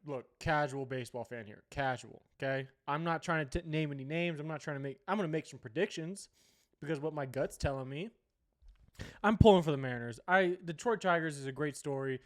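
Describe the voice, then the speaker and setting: Rambling, profane young man talking sports. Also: fairly high pitch. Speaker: sports podcast host. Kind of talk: casual sports talk.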